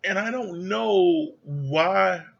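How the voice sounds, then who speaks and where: A man reviews a reality show in a casual, blunt rant and swears without holding back. His voice is bright and a little husky and sits somewhat high. The recording sounds dull and lo-fi. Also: drawn-out words. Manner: blunt, exasperated, swears freely.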